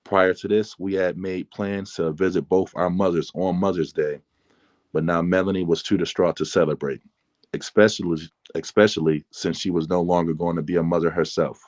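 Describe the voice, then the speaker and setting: A man, the author, reading aloud from his memoir in a calm, measured way. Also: low voice, dry recording.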